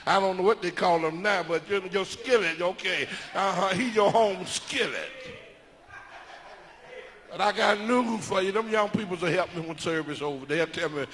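A man preaching a sermon as bishop, building into shouted, sung cadences. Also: high voice, normal speed, long reverb tail.

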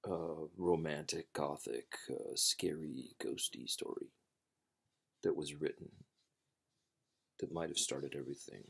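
A man hosting a storytelling channel, chatting casually before a reading, rambling and halting with many fillers and restarts. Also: rumbling low, vocal fry, breathy edge.

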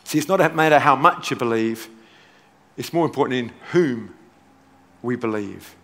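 A pastor preaching a sermon in a church auditorium, emphatic and repeating key phrases, with playful asides. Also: male voice, mid-range voice, expressive, normal speed, fairly bright tone. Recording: long church hall reverb.

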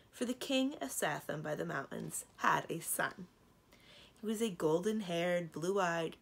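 A woman librarian reading a children's book aloud with expressive storytelling. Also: on the low side, creaky, husky.

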